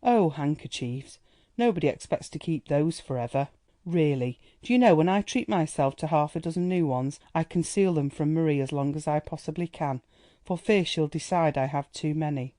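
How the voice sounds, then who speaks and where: Storybook society woman, indulgent and condescending, played by the narrator in a mellow, dry read. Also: mid-range voice, moderate pace, no room sound, close to an everyday voice. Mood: gushing. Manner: indulgent, chattering, patronizing. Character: gushing condescending society woman, young adult.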